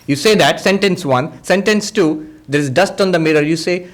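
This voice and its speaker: A monk teaching a spiritual discourse, patiently explaining ideas through everyday examples and quoted dialogue. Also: male voice, on the high side, moderate pace. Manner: acts out quoted speakers in dialogue.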